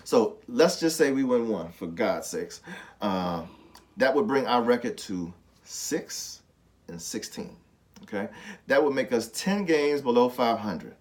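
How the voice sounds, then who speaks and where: Male sports podcast co-host, mid-pitch, emphatic, frustrated, repeats himself for effect. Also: big pitch swings, a little slow. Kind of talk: casual sports talk.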